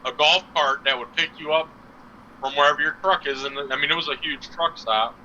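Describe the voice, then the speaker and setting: A man's voice: a little high, fairly quick, pushed and bright, muffled recording, slight background noise. A man co-hosting a live stream show, telling crude stories with a lot of swearing and laughter. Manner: profane, laughing, storytelling. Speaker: co-host. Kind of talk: crude casual chat.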